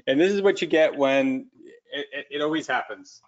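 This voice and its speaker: A man's voice: fairly high pitch, measured pace. Rambling man on dull lo-fi call audio. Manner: rambling, lots of likes and restarts. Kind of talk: casual cooking chat.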